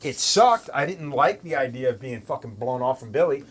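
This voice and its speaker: A middle-aged man hosting a casual chat, telling stories in a profane, animated way and acting out what people said. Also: mid-range voice, normal speed, husky, rough recording. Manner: profane, animated storyteller acting out quoted lines. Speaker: host, tattoo artist.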